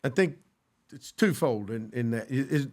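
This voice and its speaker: A man's voice: mid-range voice, expressive, normal speed, a little mellow. A man co-hosting a church podcast, talking earnestly about friendship and quoting scripture, with frequent restarts. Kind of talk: casual faith discussion.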